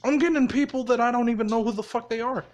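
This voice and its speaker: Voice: mid-range voice, fast, a little mellow, pitched above the performer's own voice, close to an everyday voice. A storyteller voicing a grumpy, bored young hero who complains and swears. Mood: grumbling.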